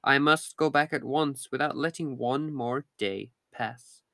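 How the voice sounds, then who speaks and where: A man's voice: medium pitch, measured pace, vocal fry, bright, forceful tone, no room sound. Give me a man voicing a dutiful young fisherman from a storybook, speaking formally, with a dry, close sound. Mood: earnest. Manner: formal, polite storybook speech.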